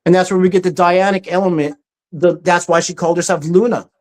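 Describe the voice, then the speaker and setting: Give me a presenter telling a story over slides in a loose, chatty way, acting out quotes and pausing on "um" a lot. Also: mid-range voice, steady tone. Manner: storytelling, acts out quoted speech; frequent ums and restarts. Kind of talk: casual talk presenting slides.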